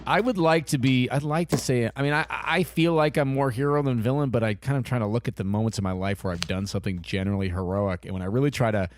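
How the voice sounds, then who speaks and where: A man hosting a podcast in casual chat, lively and prone to swearing and laughter. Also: medium pitch, quick pace, few pauses. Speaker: podcast host.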